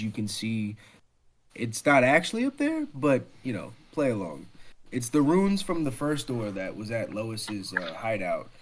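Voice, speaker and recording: A man's voice: fairly low pitch, a little hiss or hum. Man narrating as dungeon master. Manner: descriptive, with frequent fillers. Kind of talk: narrating a tabletop game.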